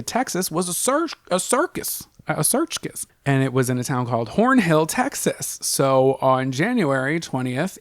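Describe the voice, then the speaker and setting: A man spins a story on a podcast in a loose, joking, profane way. His voice sits at a medium pitch. The sound is dry and close, with no room echo. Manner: profane, jokey, playful storyteller. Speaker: podcast co-host. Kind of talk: casual storytelling chat.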